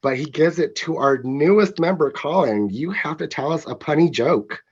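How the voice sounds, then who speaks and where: A man's voice: fairly high pitch, normal speed, husky. A man hosting a casual film review talk show, easily steering the conversation between his guests. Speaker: host. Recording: dull lo-fi audio.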